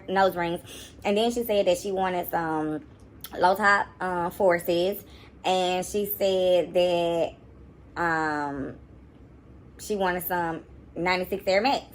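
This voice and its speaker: A young woman, giving sassy, animated reaction commentary. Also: lowish voice, a little hiss or hum. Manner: sassy, animated, mocking voices at times. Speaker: commentary YouTuber.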